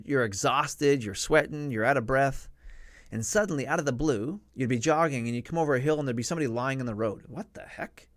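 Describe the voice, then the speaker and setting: A middle-aged man spins a story for his live stream audience, raising his voice sharply whenever he acts out someone shouting. His voice sits at an ordinary pitch. The sound is dry and close, with no room around it. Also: dry recording. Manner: animated storyteller, acts out shouted quotes in a raised voice.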